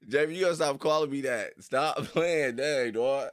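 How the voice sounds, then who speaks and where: A young man streaming casually to his viewers: loose, slangy, laughing often and jumping into high squeals. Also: unhurried. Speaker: streamer reacting to videos. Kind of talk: casual chat with live viewers.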